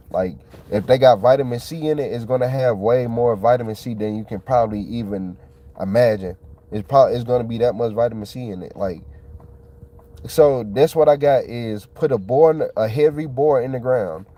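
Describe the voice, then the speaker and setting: Excitable man rambling in slang. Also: mid-range voice, normal speed. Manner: excitable, colloquial, repeats himself. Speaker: channel host. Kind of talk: casual rambling monologue.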